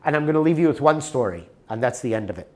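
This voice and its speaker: A man giving a live workshop talk in a room. He speaks casually and keeps checking in with the audience. His pitch sits in a middle range and moves a lot. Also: lively intonation, fast. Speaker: workshop presenter.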